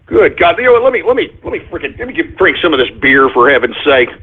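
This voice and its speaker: A man's voice: on the high side, very animated, fast talker, breathy edge. A man hosting a call-in radio show, ranting in a profane, irritated, blustering way. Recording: phone-like narrow audio.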